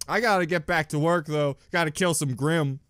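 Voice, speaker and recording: A breezy young cartoon huntress, voiced by a man pitching his voice up, brushing off something astonishing in a flat, offhand way. She goes straight back to her monster hunting. The sound is dry and close. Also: moderate pace, no room sound, natural voice. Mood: nonchalant. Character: unfazed young female huntress shrugging off a miracle.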